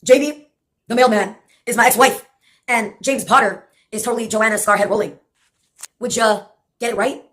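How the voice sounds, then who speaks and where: A woman's voice: a little high, fairly even intonation, moderate pace, pauses often, fairly bright tone. A woman from Texas in a rambling, sarcastic monologue, swearing and laughing often as she jumps between topics. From Brownsville, Texas.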